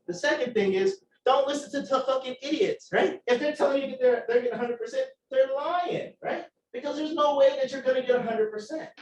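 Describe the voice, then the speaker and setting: Male chemistry lecturer, swears freely, lively storyteller, mic far off in an echoey classroom. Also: high-pitched, a little hiss or hum. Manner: profane, animated storyteller. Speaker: chemistry instructor.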